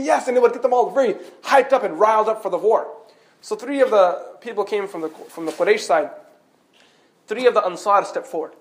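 Male preacher with a high voice, telling the story quickly and vividly, mixing in playful jokes. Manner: animated storytelling with joking asides. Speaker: Islamic preacher. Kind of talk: storytelling sermon.

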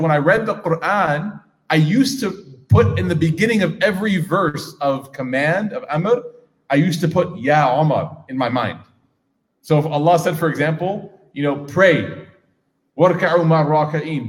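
A man teaching a class on scripture, casual and engaging, asking his audience questions. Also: a little high. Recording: reverberant hall.

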